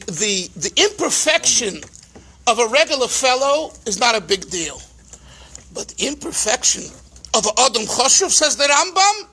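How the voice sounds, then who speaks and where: A man, a rabbi, giving a farbrengen teaching talk with animated storytelling and emphatic repetitions. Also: high voice.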